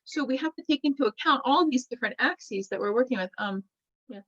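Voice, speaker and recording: A woman's voice: high voice, expressive, a little fast, fairly bright tone, no echo. Lecturing woman on a dull, dry recording. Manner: explains while drawing, checks in with "right?" often. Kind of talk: classroom lecture.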